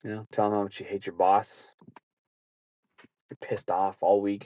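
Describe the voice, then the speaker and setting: A man hosting a podcast, rambling through a casual comic story and slipping into quick acted asides. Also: on the low side, little pitch movement, warm tone. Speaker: podcast host. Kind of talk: casual monologue.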